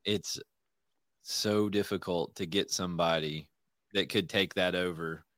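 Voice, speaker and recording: A man's voice: sits low, fairly even intonation, measured pace, a bit bright, no room sound. A man hosting a casual interview podcast, talking loosely with lots of fillers and restarts. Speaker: podcast host.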